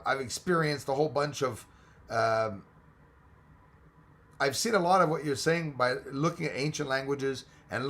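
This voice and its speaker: A man hosting a casual live-stream chat, rambling and excitable, thinking aloud as he reads from the screen. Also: medium pitch, creaky.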